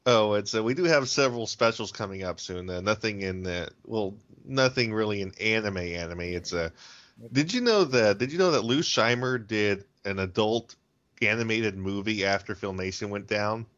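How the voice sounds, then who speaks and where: A man's voice: lowish voice, normal speed, fairly bright tone, muffled recording. A man hosting a podcast, chatting casually in a jokey, teasing way and chuckling often. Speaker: podcast host. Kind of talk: casual chat.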